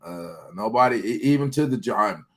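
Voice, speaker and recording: A man's voice: lowish voice, animated, moderate pace. A man talking in a loose group chat, emphatic and profane, who keeps checking in with "you hear me?".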